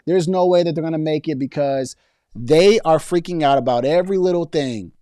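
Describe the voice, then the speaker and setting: A man riffs through casual political commentary, reading viewer comments aloud and answering them. His voice sits a little high for a man, and he talks loosely with slang, repeating words and restarting sentences. The sound is close and dry. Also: brisk, dark tone, no room sound.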